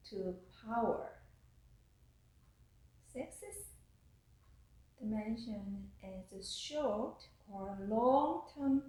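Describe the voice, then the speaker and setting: A woman professor delivers a recorded lecture at a slow, careful pace, often stopping to restart a phrase. Her voice is mellow and unhurried. The room around her gives a noticeable echo. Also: medium pitch. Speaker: university professor. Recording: echoey room.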